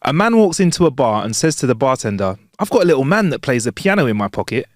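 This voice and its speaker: A man's voice: mid-range voice, big pitch swings, quick pace, no echo, clean studio sound. A man hosting a comedy podcast with easygoing, laid-back banter and joke telling. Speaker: podcast host. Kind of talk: casual chat.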